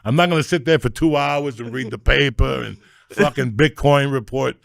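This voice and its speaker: A middle-aged man telling comic stories as a podcast guest, loud, ranting and foul-mouthed. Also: medium pitch, normal speed, gravelly, no echo, clean studio sound. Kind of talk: profane comic storytelling.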